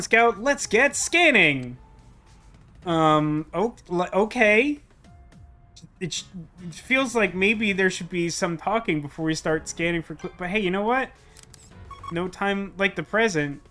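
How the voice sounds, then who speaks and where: A streamer with a medium-pitched, somewhat bright voice gives casual commentary while playing a puzzle game. They ramble, make self-deprecating remarks, and fill the talk with words like "like."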